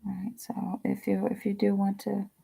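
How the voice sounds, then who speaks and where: A woman's voice: medium pitch, monotone, moderate pace, creaky, warm tone, slightly rough. A woman hosting a live tarot reading stream, talking in a chatty, rambling way with lots of fillers and casual swearing. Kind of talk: casual livestream chat.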